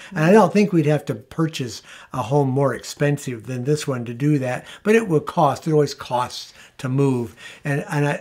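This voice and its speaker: Middle-aged male co-host, slightly high voice, relaxed rambling chat. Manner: rambling, self-correcting, easygoing. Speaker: co-host of a frugal living channel. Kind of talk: casual chat.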